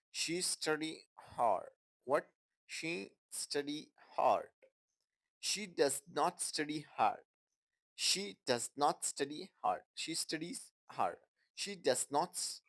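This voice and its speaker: A man's voice: medium pitch, rough recording. A man teaching an English grammar lesson in non-native, broken English. He repeats his example sentences and keeps checking in with "Okay, guys?".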